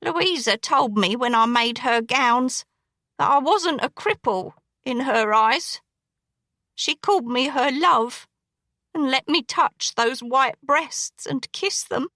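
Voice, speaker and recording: A menacing, crippled male dressmaker, a killer, as a woman reads him. He confesses in a slow, brooding drawl, in a bright, tense tone. The sound is dry and close, as in an audiobook. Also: high voice, lively intonation, no echo, full character voice. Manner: slow, brooding, coarse dialect.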